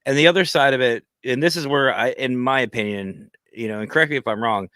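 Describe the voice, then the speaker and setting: A man hosting a casual livestream chat, talking earnestly and giving advice in a steady lecturing way. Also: medium pitch, fast, no room sound. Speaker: podcast host.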